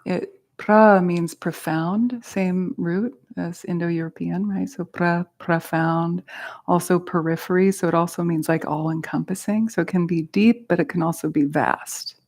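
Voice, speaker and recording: A woman with a fairly low voice leads a class. She explains terms patiently and casually, with self-aware asides to her students. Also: steady tone, measured pace, darkish tone. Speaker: meditation teacher. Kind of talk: casual teaching talk. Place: class with a group present.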